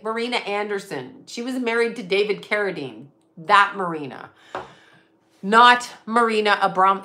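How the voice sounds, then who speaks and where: A woman's voice: fairly high pitch, fairly bright tone. A middle-aged woman, a psychic medium, ranting in casual livestream chat, swearing and laughing often. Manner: profane, ranting and laughing a lot.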